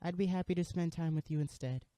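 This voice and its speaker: A man's voice: a little high, fast, dark tone, no room sound, pitched above the performer's own voice, natural voice. A man voicing a cheerful, confident teenage girl who leads a school club, speaking sweetly and a little apologetically. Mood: gentle, apologetic.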